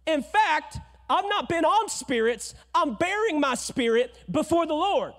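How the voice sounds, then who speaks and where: A man's voice: very high-pitched, animated, measured pace, fairly bright tone, big-room sound, pitched above the performer's own voice, heavily acted. A man voicing a fervent young woman who speaks with impassioned, raised emphasis. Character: fervent young woman defending her prayer.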